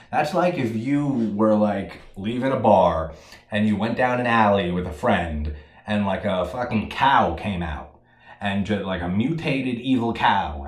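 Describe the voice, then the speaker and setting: A man giving a casual solo movie review, profane and animated, laughing at his own jokes. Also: fairly low pitch, reverberant.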